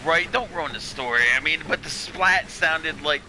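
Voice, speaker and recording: A man's voice: on the high side, moderate pace, sharp tone, rough recording. Rambling man telling a story over game noise. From Delaware, US. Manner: rambling storyteller, repeats himself, laughs often. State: has been drinking. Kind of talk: casual chat while gaming.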